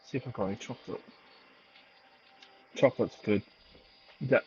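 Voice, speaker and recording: A man's voice: mid-range voice, normal speed, mellow, breathy edge. A young man vlogging casually from home into a headset mic, rambling with lots of fillers and self-deprecating asides. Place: home, indoors. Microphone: headset microphone. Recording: dull lo-fi headset mic, clipping.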